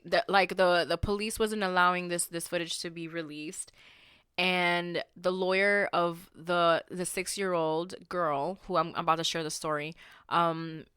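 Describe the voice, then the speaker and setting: Bright, smooth-voiced woman podcast host. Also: lowish voice, no echo, studio quality. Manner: rambling, filler-heavy storytelling; heated and indignant when riled. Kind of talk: casual podcast chat.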